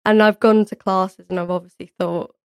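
Young woman, Pilates teacher guest, rambling and giggly, smooth voice, dry close sound. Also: medium pitch, fairly even intonation, moderate pace, dry recording. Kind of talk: casual interview chat.

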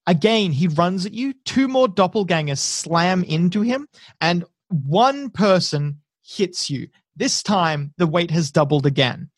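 Male game master, steady narration, higher pitch, dry close sound. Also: a little slow, no room sound.

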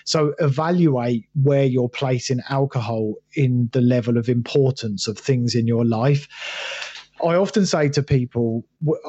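A man's voice: mid-range voice, a little mellow, breathy edge, no echo, highs cut off. A middle-aged man answering interview questions earnestly, often restarting his sentences. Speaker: podcast guest, author.

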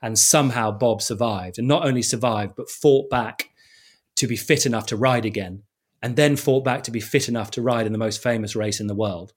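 This is a middle-aged man who presents sport on television. He talks in a mid-range voice. He tells lively stories in conversation and laughs at himself along the way. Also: mid-range voice, a little fast. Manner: animated anecdotes with self-deprecating laughs. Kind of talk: conversational interview storytelling.

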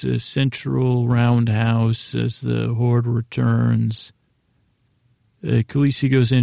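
A man's voice: medium pitch, vocal fry, warm tone, no echo, clean studio sound. A man casually recapping a TV episode on a podcast, rambling and paraphrasing scenes with lots of fillers.

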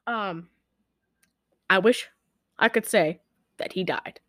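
A woman co-hosting a podcast, casually retelling a movie with animated storytelling and lots of fillers. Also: medium pitch, slow, no echo, clean studio sound. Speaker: podcast co-host. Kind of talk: casual movie recap chat.

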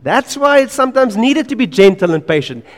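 A man preaching a sermon in an earnest, emphatic way. He repeats key phrases and drops to quiet asides. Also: very high-pitched, very animated, a little fast, long reverb tail.

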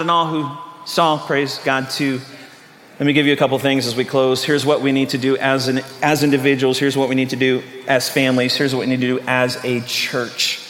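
A man preaching a sermon as pastor, animated and acting out the voices of people in a Bible story, laughing often. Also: high voice, in a large hall, a little hiss or hum. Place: church sanctuary.

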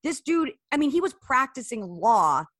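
A woman in casual podcast chat, her voice sitting a little high. She talks in quick, animated bursts, full of restarts. The sound is dry and close. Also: dry recording. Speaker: podcast co-host.

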